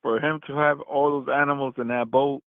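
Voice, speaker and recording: A man's voice: mid-range voice, steady tone, brisk, dry recording. A man in his forties in a casual heated debate, stammering, repeating words and laughing often. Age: 40s. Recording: tinny phone-like call audio.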